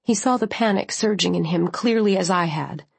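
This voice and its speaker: A woman reading a first-person novel aloud as an audiobook narrator, with measured, steady delivery. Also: lowish voice, creaky, husky, dry recording.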